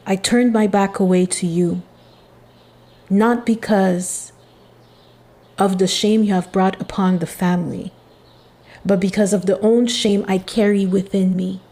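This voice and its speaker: A woman voices a penitent family member who comes through in a channeled spiritual reading, full of regret. The delivery is slow and heavy, with long halting pauses. The pitch sits in a moderate middle range. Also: warm tone. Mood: remorseful. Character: remorseful family member pleading for forgiveness.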